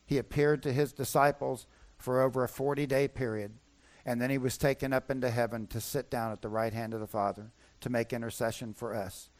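A man's voice: mid-range voice, steady tone, fairly quick. A man preaching a sermon as pastor, emphatic and repeating his key points.

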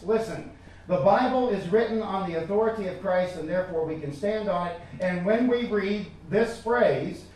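A man's voice: high-pitched, moderate pace, a little mellow. Man, pastor, sermon, emphatic, repeats himself, strongly echoey hall, distant mic. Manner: emphatic, repeats words, addresses listeners directly. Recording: echoey room from far off.

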